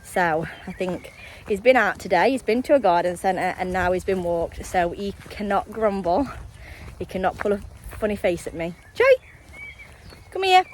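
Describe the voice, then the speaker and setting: A woman's voice: fairly low pitch, moderate pace, a little hiss or hum, rough recording. A young woman vlogging casually on a countryside walk, rambling to her viewers and slightly out of breath. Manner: rambling, friendly, talks to viewers directly. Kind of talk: casual chatty vlog while walking.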